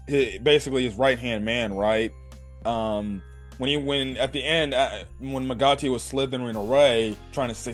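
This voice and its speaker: A man talks through an anime episode in a loose, rambling recap. His voice sits at an ordinary middle pitch, and he swears freely and keeps tossing in "right?" A little music plays faintly under him. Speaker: anime reviewer.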